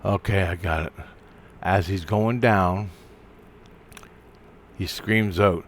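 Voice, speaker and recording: A man telling a personal spiritual story in a casual monologue, swearing and stopping to restart his sentences. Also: low voice. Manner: profane, halting, restarts often. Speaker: vlogger.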